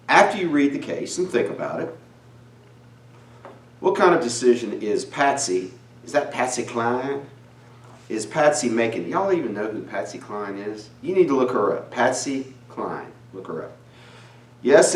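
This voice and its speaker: A man from South Carolina, giving a relaxed, folksy finance lecture. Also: mid-range voice. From Charleston, South Carolina. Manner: relaxed, folksy, talks to students. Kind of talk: recorded lecture. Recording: roomy, slightly distant mic.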